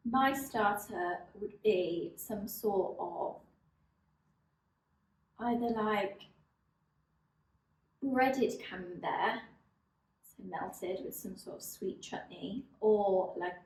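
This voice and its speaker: A woman, co-hosting a podcast in a playful, deadpan way, teasing her co-host. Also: medium pitch. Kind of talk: casual chat. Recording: echoey room.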